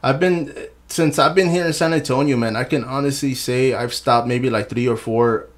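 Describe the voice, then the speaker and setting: A man's voice: mid-range voice, normal speed. A man in his forties hosting a podcast, rambling in casual chat with many fillers and calling people man and bro. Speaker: podcast host. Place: podcast studio.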